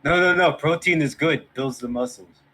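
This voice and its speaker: A man playing a tabletop game who jokes in a gruff tough-guy manner. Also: fairly high pitch, normal speed, fairly bright tone, a little hiss or hum, low-quality recording. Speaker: player. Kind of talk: in-character banter at a tabletop game.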